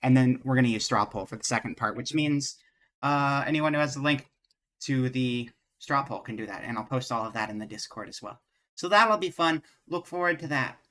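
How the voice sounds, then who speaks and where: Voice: medium pitch, fairly bright tone. A game streamer chatting casually with viewers and reading game dialogue aloud during a live stream.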